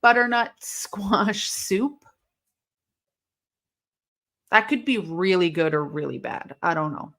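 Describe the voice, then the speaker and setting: A woman hosting a live watch-along stream, chatting casually, answering her chat and breaking into sudden excited outbursts at the action. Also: medium pitch, takes it slowly, pauses often.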